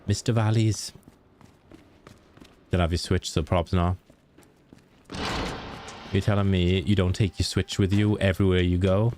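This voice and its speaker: A man's voice: deep voice, level tone, unhurried, long pauses, a little mellow, slight background noise. A young man with a Welsh accent, casually chatting with his viewers while streaming a game and answering them by name. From Wales. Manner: chatty, answers chat by name, laughs easily. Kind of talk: casual live-stream chat.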